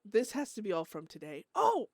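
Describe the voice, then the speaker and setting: Excitable woman streamer, dry close sound. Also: on the high side, slow, no room sound. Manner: excitable, swears, laughs often; reads in-game letters aloud. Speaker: roleplay streamer. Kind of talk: casual streaming chat.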